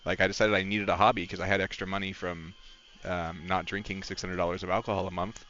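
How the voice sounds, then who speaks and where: A man chats through a game stream in a rambling, candid, openly emotional way. His voice is low but bright and forward. The stream audio is a little dull, with faint music behind him. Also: flat delivery, quick pace. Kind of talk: casual live-stream chat.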